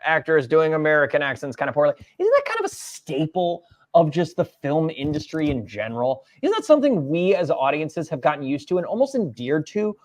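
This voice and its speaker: A woman cohosting a casual livestream, her pitch swinging up and down as she talks. She is emphatic and playful, heavy on stress and quick asides. The sound is close and dry, with no room around it. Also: very animated, a little mellow, dry recording. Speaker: co-host.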